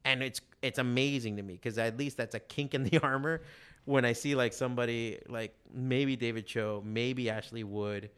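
A man, a comic shop owner guest, talking in a rambling, profane, animated casual chat full of fillers. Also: medium pitch, normal speed, clean tone.

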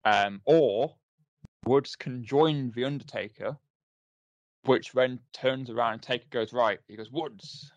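A man's voice: mid-range voice, unhurried, dry recording, highs cut off. A man co-hosting a podcast in casual chat, recounting things hesitantly with many fillers. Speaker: podcast co-host.

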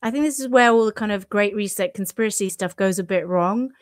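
A woman's voice: mid-range voice, fairly quick, no echo. Woman co-host, casual chat, hesitant restarts, dry close sound. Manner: hesitant, many restarts and fillers, laughs often. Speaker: podcast co-host.

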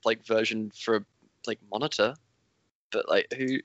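A man's voice: fairly low pitch, fairly even intonation, moderate pace, fairly bright tone, dry recording, highs cut off. An Australian man co-hosting a casual games chat, joking and swearing freely. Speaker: podcast co-host.

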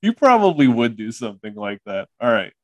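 A man's voice: mid-range voice, very animated, a little fast, no echo. Young male podcast host, loose filler-heavy banter, close dry mic. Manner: laughing, filler-heavy, rambling. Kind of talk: casual movie podcast chat.

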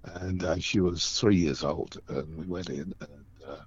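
A man from Australia telling anecdotes casually as a guest, animated and acting out the voices of people in his stories. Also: sits low, measured pace, dull audio, slight background noise. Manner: animated storytelling, acts out voices. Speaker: guest storyteller.

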